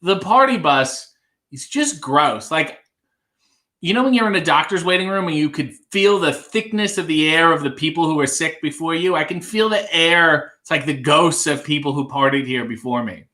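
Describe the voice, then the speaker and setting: Brief: young male livestream host, bright and animated, wry and rambling, reading chat aloud. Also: fairly high pitch, moderate pace. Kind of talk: casual live chat reading viewer comments.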